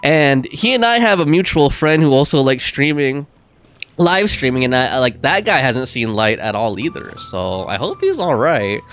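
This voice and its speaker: A man's voice: mid-range voice, sing-song, normal speed, a bit bright, clear, resonant tone, faint music behind. A young man livestreaming a game, chatting casually, rambling through restarts and laughing often.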